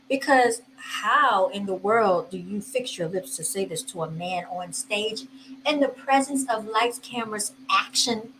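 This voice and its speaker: A woman's voice: mid-range voice, a little slow, fairly bright tone, a little hiss or hum, rough recording. A woman hosting a casual commentary vlog, chatty and laughing, talking straight to her viewers. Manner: chatty, addresses viewers as y'all, laughs often. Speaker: host commenting on video clips.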